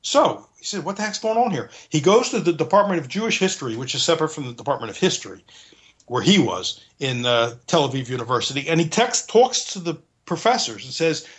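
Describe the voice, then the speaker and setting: Male interview guest with a slightly raised pitch, earnest and searching for words, restating his points as he explains. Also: very animated, brisk. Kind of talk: conversational explanation.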